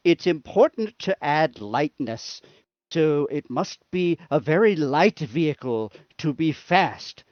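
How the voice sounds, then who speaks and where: Man, tabletop player, slow deliberate, lively pitch, dull dry mic. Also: dry recording. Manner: grandiose proclamations. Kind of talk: in-character tabletop play.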